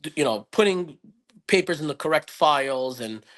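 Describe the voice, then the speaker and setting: Animated and a bit bright, his voice sits on the high side and moves at a normal pace. He's a guest on a podcast, recounting something personal in an earnest, thoughtful way that keeps rambling and restarting in relaxed interview style.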